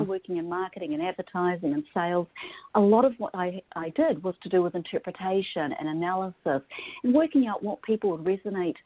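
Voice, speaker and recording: A woman's voice: mid-range voice, slightly rough. A woman from New Zealand with a New Zealand accent, speaking as a guest in a podcast interview in an upbeat, effusive way. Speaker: guest, wardrobe stylist. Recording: phone-line audio.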